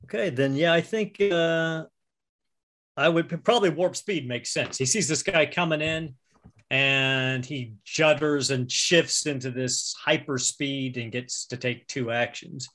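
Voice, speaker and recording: Player, male, mid-pitched, chatty, thinks out loud, tabletop game. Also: measured pace. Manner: chatty, thinks aloud with fillers.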